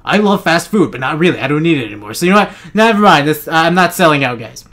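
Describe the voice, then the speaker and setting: A young man rambles through let's play commentary, joking, swearing and laughing at his own lines. His voice sits a little higher than most men's. The talk is loose and casual, addressed to viewers. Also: lively intonation, quick pace, fairly bright tone. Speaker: gaming channel host.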